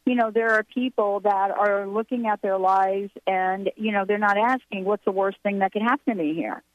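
A woman's voice: mid-range voice, steady tone, normal speed, no echo. A woman host talks in an encouraging, affirming way. Her voice is slightly muffled and lo-fi. The sound is dry and close. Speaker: radio show host. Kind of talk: radio call-in show talk.

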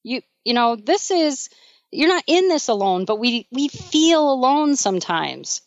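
A woman's voice: high voice, sing-song, a little slow, no echo. An earnest woman hosts a motivational radio show, speaking straight to the listener with encouragement. Her voice sits in a dry, close room. The sound is a little dull and muffled. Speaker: radio show host and life coach.

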